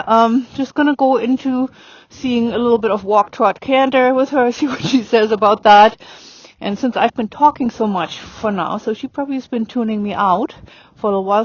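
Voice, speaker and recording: Woman riding instructor, fairly high voice, chatty and filler-heavy, riding outdoors on a worn mic, dull lo-fi sound. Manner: chatty, lots of fillers, gives spoken commands to a horse. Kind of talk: riding lesson demonstration. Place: outdoor arena, riding a horse.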